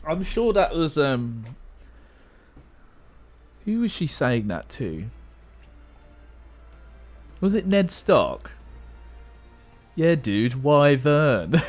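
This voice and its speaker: Playful young male streamer, lively pitch. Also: very slow, pauses often, faint music behind. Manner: playful, self-mocking, muttering guesses aloud. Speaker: livestream host. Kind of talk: casual livestream chat while playing a word game.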